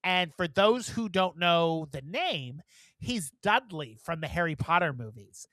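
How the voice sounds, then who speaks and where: Outspoken guy swearing a lot on a podcast, bright lively voice, dry sound. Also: a little high, unhurried, no echo. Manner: blunt and profane, animated. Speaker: podcast co-host. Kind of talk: casual chat.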